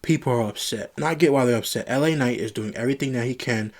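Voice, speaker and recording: A man's voice: mid-range voice, quick pace. A man reviewing a wrestling show on his own channel, ranting in frustration and repeating himself. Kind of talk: solo review commentary.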